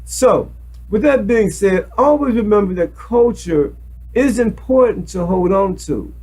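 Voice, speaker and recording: A man talks into a webcam in a loose, preachy monologue, circling back and repeating words as he goes. His voice sits high and swings widely in pitch, with a husky edge to it. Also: expressive, a little slow, dark tone, rough recording. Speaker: self-made video commentator. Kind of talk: casual monologue to camera.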